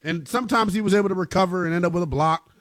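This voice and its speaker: A man's voice: high-pitched, very fast, a bit bright. A man co-hosting a sports talk show, arguing his takes in a slangy, emphatic way. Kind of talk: casual sports debate.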